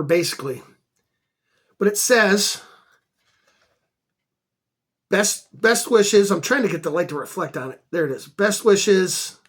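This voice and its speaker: A man's voice: sits high, a bit bright. A man showing off his flea market finds in a casual vlog, enthusiastic and chatty, repeating words for emphasis. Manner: chatty storyteller. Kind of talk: casual show-and-tell vlog.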